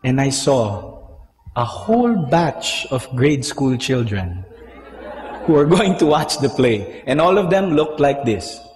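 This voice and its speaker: A man's voice: medium pitch, slow. A man with a Filipino accent preaching a sermon on stage, telling stories animatedly and acting out his own outbursts. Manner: animated storytelling with acted-out outbursts. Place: large hall stage at a worship gathering. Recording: echoey hall with long reverb.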